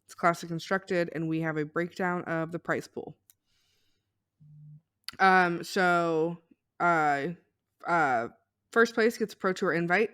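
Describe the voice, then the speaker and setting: Unhurried, hesitant podcast co-host. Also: mid-range voice, fairly bright tone, clear, resonant tone. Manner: unhurried, hesitant, self-correcting. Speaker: podcast co-host reading the news. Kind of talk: casual podcast chat.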